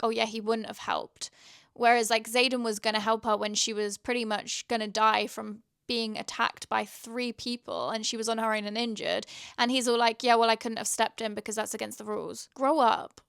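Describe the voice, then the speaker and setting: A woman's voice: fairly high pitch, fairly bright tone, smooth, dry recording, studio quality. A young woman chatting casually in a reading vlog, gushing and rambling with lots of fillers. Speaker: book vlogger.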